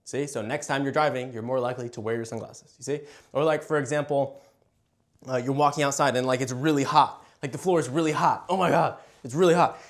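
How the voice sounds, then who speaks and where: A young man, a dog trainer, talks straight to the camera in a lively, hands-on way, often stopping to ask "you see?". His voice sits at an ordinary middle pitch. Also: fairly quick. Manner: animated, checks in with "you see?". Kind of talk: explaining to camera.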